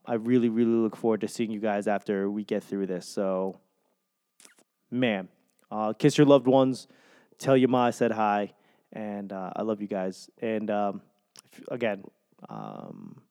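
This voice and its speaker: A man's voice: medium pitch, darkish tone, smooth, no room sound, clean studio sound. A young man hosting his own podcast, talking alone in a rambling, sentimental way, swearing casually and mocking himself. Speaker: podcast host. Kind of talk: solo podcast monologue.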